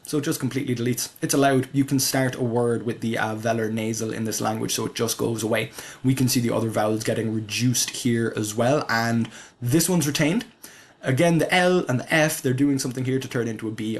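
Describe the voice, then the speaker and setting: A man presenting his constructed language in a relaxed voice-over, thinking aloud as he goes. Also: mid-range voice. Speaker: conlang presenter. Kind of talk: casual explanatory voice-over.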